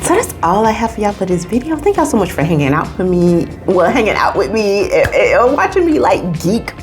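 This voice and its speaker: A woman's voice: sing-song, fairly quick, faint music behind. A woman hosting a casual video review, chatty and gushing, talking straight to her viewers, sometimes dropping to a whisper and sometimes jumping to a squeal. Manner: drops into hushed whispers and jumps to high squeals. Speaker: movie reviewer and channel host.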